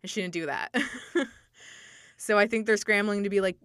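A woman's voice: medium pitch, moderate pace, a bit bright, clear, resonant tone, no echo, studio quality. A young adult woman co-hosting a casual podcast, talking things through thoughtfully with lots of "like". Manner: thoughtful, chatty, heavy use of "like". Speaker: podcast co-host. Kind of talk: casual chat analyzing a TV episode.

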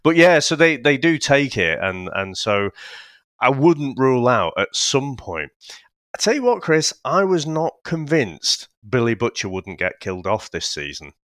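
A man's voice: medium pitch, very animated, unhurried, fairly bright tone, dry recording, clean studio sound. A man with a northern English accent co-hosting a casual review podcast, rambling and swearing freely with lots of restarts. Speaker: podcast co-host.

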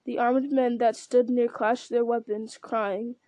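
Female reader, measured storybook reading, mellow tone. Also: fairly high pitch, level tone, no room sound, lo-fi sound. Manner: measured, with small restarts. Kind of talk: reading a novel aloud.

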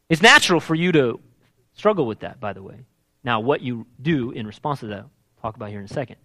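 A man's voice: medium pitch, expressive, fast talker, pushed and bright, no room sound. A man preaching a sermon as pastor, emphatic and repeating key words for weight.

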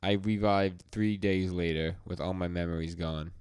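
A man reading out the lines of a calm, eerie young vampire girl in a slow, deliberate voice. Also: deep voice, clear, resonant tone, dry recording, clean studio sound, lightly acted. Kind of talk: reading a character's lines aloud.

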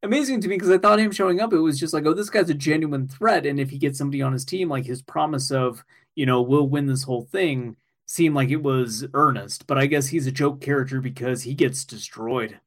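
A man co-hosting a casual podcast, recapping an anime episode in an excitable way, swearing and laughing as he goes. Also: medium pitch, brisk.

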